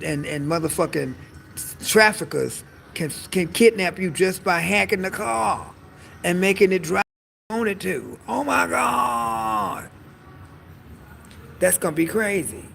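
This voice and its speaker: A man giving a casual comedic monologue as a vlogger, animated and sassy, swearing freely and calling his viewers honey. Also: sits high, moderate pace, vocal fry, slight background noise, poor audio.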